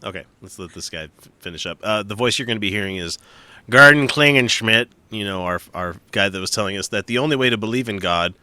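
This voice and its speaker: A man with a low, bright voice hosts a casual podcast chat. He is sarcastic and swears freely as he steers the talk. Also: fast, no room sound. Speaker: podcast host.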